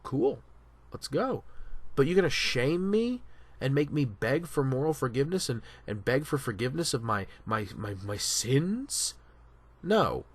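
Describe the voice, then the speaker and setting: A man talking through a casual opinion commentary, animated and emphatic, often restarting his sentences. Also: mid-range voice, a little slow. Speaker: commentary vlogger.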